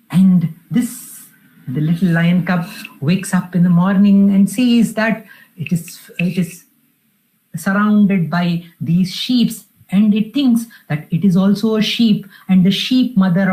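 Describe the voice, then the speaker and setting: A woman's voice: mid-range voice, darkish tone, rough recording. A woman telling a spiritual parable at a weekly devotional gathering. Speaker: satsang speaker. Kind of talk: spiritual storytelling talk.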